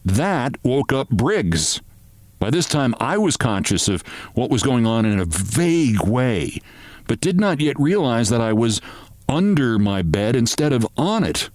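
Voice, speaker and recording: Man, podcast host, expressive story reading, mid pitch, dry sound. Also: a little slow, no echo. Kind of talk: reading a short story aloud.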